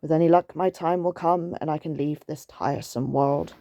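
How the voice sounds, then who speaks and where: Woman reading as an old tired lady tortoise, slow and low, mellow. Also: fairly even intonation, slight background noise. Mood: weary. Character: weary ancient female tortoise, slow and sad.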